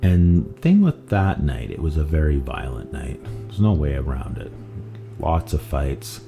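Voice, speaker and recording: Very deep gravelly man telling stories. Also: a little slow. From Canada. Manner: rambling, animated retelling with self-corrections. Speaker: podcast host. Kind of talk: casual true-crime storytelling. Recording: faint guitar music underneath.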